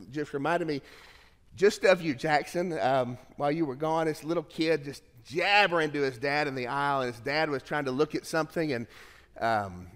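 A middle-aged man preaching a sermon as pastor, telling a family story in an earnest way and swelling louder on key phrases. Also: fairly high pitch. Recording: long hall reverb.

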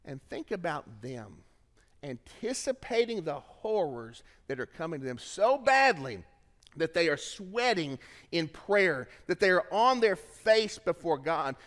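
A fairly high-voiced man preaching from the pulpit, echoing through a hall with a long reverb. He leans hard on repeated phrases and swings between hushed, intimate passages and raised, urgent pleas. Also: big pitch swings, unhurried. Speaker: pastor. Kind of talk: sermon.

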